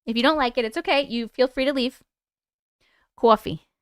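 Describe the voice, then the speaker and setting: A woman with a New York accent hosts a livestream, reading viewer stories and chatting loosely with her audience. She swears freely and laughs a lot, in a fairly high, smooth voice recorded dry and close. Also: quick pace, no room sound. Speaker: livestream host.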